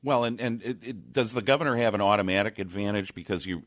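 A man's voice: on the low side, steady tone, fast talker, a bit bright. A man hosting a political radio talk show from a statehouse press room, rambling with many fillers and restarts.

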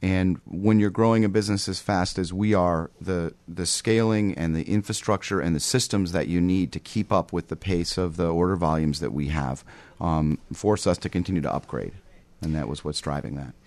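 A man speaking as a business guest in a radio interview, measured and businesslike, with frequent "um" fillers. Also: low-pitched, darkish tone, no room sound. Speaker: company executive, guest. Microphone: studio microphone with headset.

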